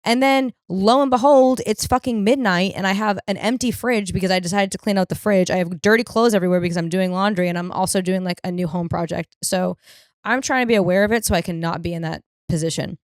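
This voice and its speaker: A woman's voice: mid-range voice, quick pace, dry recording, clean studio sound. Profane rambling woman podcaster. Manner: rambling, profane, animated storytelling. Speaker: podcast host. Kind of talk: casual comedic monologue.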